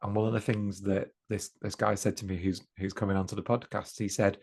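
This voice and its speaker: A slightly mellow, lowish voice with little pitch movement comes from a podcast guest from the East Midlands, England, who talks a little fast with hardly any pauses. In casual conversation he's earnest and reflective, repeatedly restarting and correcting his sentences.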